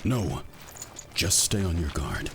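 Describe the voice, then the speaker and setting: An actor playing a terse guard captain in a board game's story app. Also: male voice, sits low, sing-song, slow pace, background noise, exaggerated voice. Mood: curt.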